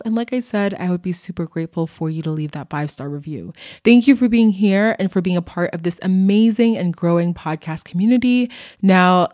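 A woman's voice: on the low side, darkish tone. A young woman hosting a podcast, bubbly and gushing, chatty with casual slang. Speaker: podcast host.

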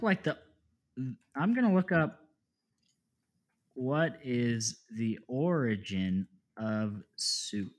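A man's voice: mid-range voice, takes it slowly. A young man co-hosting a podcast in casual chat, laughing often and joking around. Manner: laughs often, jokey and relaxed. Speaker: podcast co-host.

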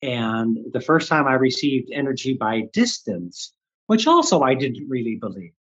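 A man's voice: mid-range voice, very animated, moderate pace, a bit bright, husky, muffled recording. An older man from the Midwestern United States, candidly telling a story as an interview guest and acting out his own past thoughts. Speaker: guest, Reiki teacher.

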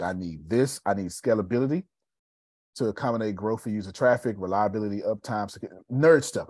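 A man hosting a live video show, talking casually with animated, preachy energy. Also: lowish voice, breathy edge, dry recording, clean studio sound. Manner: animated and preachy, with Southern Black American slang. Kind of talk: casual live-stream talk.

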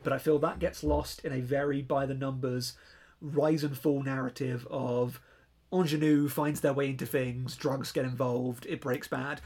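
A man's voice: mid-range voice, a little mellow, husky. A man co-hosting a film podcast, chatting casually in a rambling, playful way and feeling lethargic from covid. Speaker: podcast co-host.

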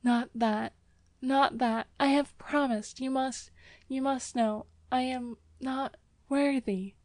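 A woman's voice: fairly high pitch, level tone, slow pace, darkish tone, no room sound. A woman reading the part of a passionate, troubled young woman in a storybook, with breathless, pleading cries.

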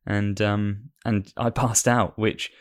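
A man's voice: fairly low pitch, flat delivery, slow. A married man co-hosting a casual film podcast, rambling and self-deprecating. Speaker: podcast co-host.

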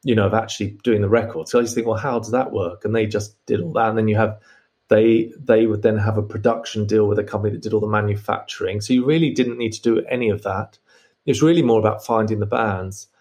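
A man, a guest in an interview, telling a lively anecdote and acting out the voices he quotes. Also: fairly low pitch, fast. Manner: storytelling, acts out quoted voices. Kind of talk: animated anecdote.

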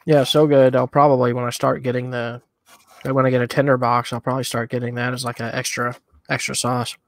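A man's voice: medium pitch, level tone, a little fast, vocal fry. A man co-hosting a casual podcast, chatting in an easygoing, rambling way while eating hot wings. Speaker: podcast co-host.

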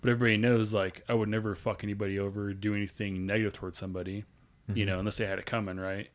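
A man's voice: on the low side, level tone, very fast. Intense, opinionated man on a podcast. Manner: intense, opinionated, swears freely. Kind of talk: casual podcast chat.

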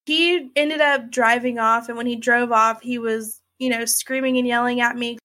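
A woman's voice: on the high side, steady tone, normal speed, few pauses, pushed and bright. A young woman recounting a personal ordeal in a conversational way, full of "like" and "you know". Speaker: interviewee recounting her experience. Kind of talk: emotional personal storytelling.

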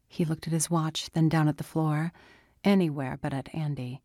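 Low-voiced woman narrating a story. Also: no room sound. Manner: calm, measured storytelling. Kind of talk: scripted audiobook narration. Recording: dry close studio sound.

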